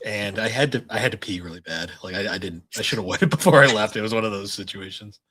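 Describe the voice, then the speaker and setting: A man's voice: on the low side, fast, a bit bright, slightly rough. A young man co-hosting a podcast in a laid-back way, swearing and laughing through his stories. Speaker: podcast co-host. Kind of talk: casual chat, storytelling.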